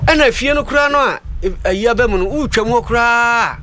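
Bright-voiced man telling stories. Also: extremely high pitch, brisk. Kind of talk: casual radio chat.

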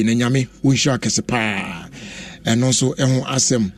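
A young Ghanaian man hosting a radio talk show, talking in an animated, casual way, switching languages and exclaiming often. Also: mid-range voice, takes it slowly.

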